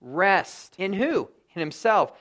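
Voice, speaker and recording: A man's voice: high voice, very animated, slow, fairly bright tone. A middle-aged man preaching a sermon as pastor, earnestly explaining scripture and pressing rhetorical questions.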